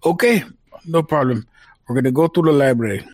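A man's voice: mid-range voice, a little fast, a little mellow, no echo. A man from Puerto Rico, playing in a tabletop game, talking casually and hesitantly with many fillers. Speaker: player.

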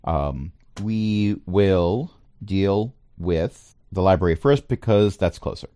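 A man narrating a tabletop game as its game master, relaxed and playful, with frequent ums and asides. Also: low voice, slow pace, no room sound, studio quality.

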